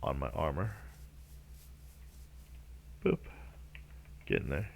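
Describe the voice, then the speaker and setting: A rumbling low, gravelly voice with huge pitch swings belongs to a Minecraft let's-play host who takes things slowly, with slight background noise behind him. He rambles hesitantly, talks to himself, and often stalls by humming and scatting nonsense syllables.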